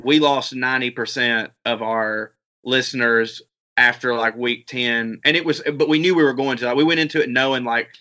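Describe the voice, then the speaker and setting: A man's voice: medium pitch, steady tone, normal speed, sharp tone. A man hosting a podcast, chatting casually and telling rambling, profane stories. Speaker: podcast host. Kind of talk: casual chat. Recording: dull lo-fi sound.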